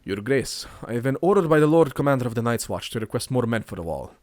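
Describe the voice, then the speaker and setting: A man's voice: mid-range voice, very animated, quick pace, darkish tone, no room sound, close to an everyday voice. A man reading as a polite, pleading messenger. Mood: earnest. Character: dutiful young male messenger of the watch.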